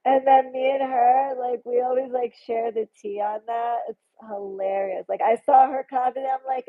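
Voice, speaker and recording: A woman's voice: fairly high pitch, fairly even intonation, moderate pace, few pauses. A woman hosting a casual livestream, chatty and effusive as she reads out viewer comments. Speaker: tarot livestream host. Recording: phone-like narrow sound.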